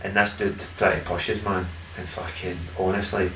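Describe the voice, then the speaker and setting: A man's voice: sits low, little pitch movement, moderate pace, a bit bright. A Glaswegian man, a podcast guest, telling stories in casual chat, swearing freely and laughing as he goes; echoey room, far from the mic, faint hiss. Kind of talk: casual storytelling.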